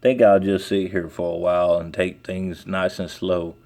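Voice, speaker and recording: A man reading aloud and voicing a slow, gloomy male donkey who speaks mildly. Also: low voice, level tone, darkish tone. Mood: weary.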